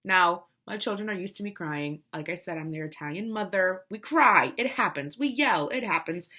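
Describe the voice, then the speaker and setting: A woman's voice: lowish voice, moderate pace. A woman in her thirties, a mother telling a family story casually and emotionally, with many restarts. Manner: animated, emotional, lots of restarts and quoted voices.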